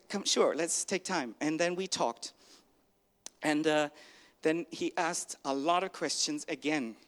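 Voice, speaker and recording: A man shares a personal testimony before a congregation, his voice sitting a touch high for a man. He talks haltingly, stopping and restarting often, and slips into the voices of the people in his story as he recounts their exchanges. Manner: halting, frequent restarts, acts out the dialogue. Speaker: church member giving a testimony.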